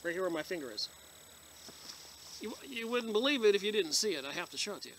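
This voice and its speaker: A high-pitched man with a bright, sharp tone, reading passages from a book and stopping to comment on them. He talks with emphasis and gets emotional. Crickets chirp faintly behind him. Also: expressive, fast, a little hiss or hum. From United States. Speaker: video blogger reviewing books.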